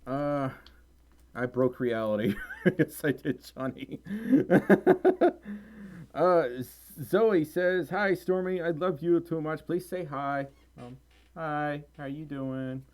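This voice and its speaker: Speaking slowly in a slightly high, slightly mellow, expressive voice, a man from Mississippi hosts a casual livestream at home. He reads chat aloud and rambles tiredly, chatty and giggly with frequent laughs.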